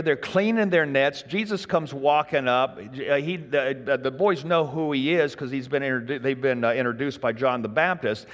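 A man preaching a sermon in a relaxed, folksy way, joking with the congregation. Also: medium pitch, in a large hall, highs cut off. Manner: folksy, conversational, jokes with the congregation. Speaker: pastor.

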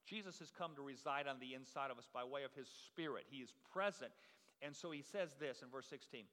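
A man's voice: medium pitch, lively intonation, quick pace, sharp tone, big-room sound. A middle-aged man preaching a sermon in a conversational way, full of fillers and restarts. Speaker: pastor.

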